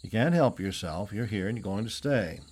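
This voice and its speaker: A man reading aloud plays a scheming villain holding a captive, talking in a falsely soothing, quietly menacing way. The tone stays low-key and steady, for an audiobook. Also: normal speed, slightly rough. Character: scheming middle-aged male kidnapper.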